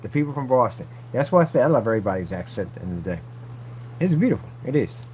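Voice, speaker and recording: A channel host showing off his screen technology rambles animatedly to his viewers in a casual vlog monologue, speaking directly to them, repeating himself, and using lots of slang. His voice is medium-pitched, with a little hiss or hum on the audio.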